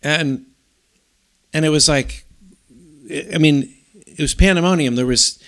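A middle-aged man co-hosting a podcast, telling a long story in a rambling, animated way with many restarts. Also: a little high, a little slow, smooth. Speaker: podcast co-host. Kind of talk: casual storytelling chat.

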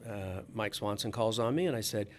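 A man's voice: fairly low pitch, normal speed. Chatty man telling a sports story. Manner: chatty storyteller with frequent restarts. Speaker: sports reporter. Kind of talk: casual anecdote telling.

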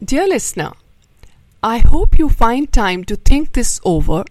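Slow, expressive woman storyteller. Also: on the high side, soft background music, poor audio. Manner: slow, expressive, gently moralizing. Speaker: host and storyteller. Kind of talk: storybook reading with a moral talk.

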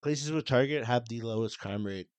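A young man co-hosting a podcast who tells stories in an animated, profane way during casual chat. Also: medium pitch, moderate pace, dry recording. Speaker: podcast co-host.

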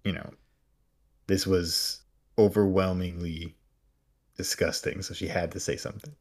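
Deep husky man making dry asides. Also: little pitch movement, unhurried. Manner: laid-back, dry reactions and asides. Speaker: podcast co-host. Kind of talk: casual chat.

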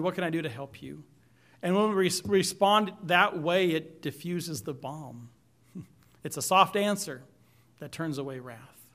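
A middle-aged man delivers a sermon from the pulpit, his voice sitting a little high for a man. He speaks earnestly, pressing hard on key words before settling back to a softer tone. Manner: earnest, emphatic preaching with rising and falling intensity. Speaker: pastor.

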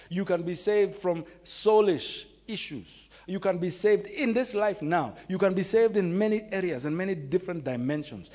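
A man's voice: high-pitched, darkish tone. A man preaching a sermon with emphatic, repetitive, exclamatory delivery. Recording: dull recording in a reverberant hall.

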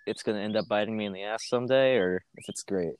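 A man's voice: fairly low pitch, fast talker, smooth. A teenage boy, a podcast guest, chatting casually, rambling with restarts and frequent laughter. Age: teens. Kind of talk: casual chat.

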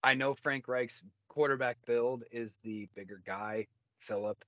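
A man's voice: mid-range voice, steady tone, measured pace, a bit bright, dry recording, muffled recording. A man co-hosting a casual sports podcast, cursing freely and repeating words as he talks. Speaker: podcast co-host.

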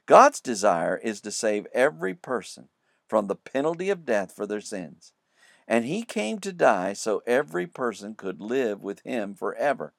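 A man's voice: on the low side, sing-song, normal speed, vocal fry, a bit bright, no echo, clean studio sound. A man teaching a verse-by-verse Bible study, praying and then explaining each word of the scripture in turn.

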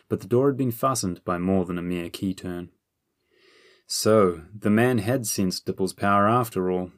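An audiobook narrator reads a children's fantasy story in a steady, measured manner. His voice is fairly low, and the recording is dry and close with no room sound.

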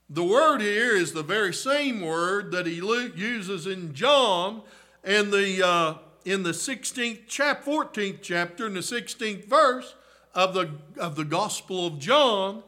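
Male revival preacher, very high voice, unhurried delivery, shouts and hushes. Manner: swings from shouting to hushed, repeats "listen, friend"; old-fashioned revival preaching cadence. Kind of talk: sermon.

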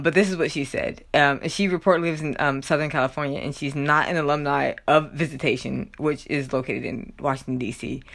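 A woman giving chatty commentary on a news story, full of fillers and reading quotes aloud. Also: sits low. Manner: chatty, filler-heavy, loud animated quotes and laughter. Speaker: commentary vlogger.

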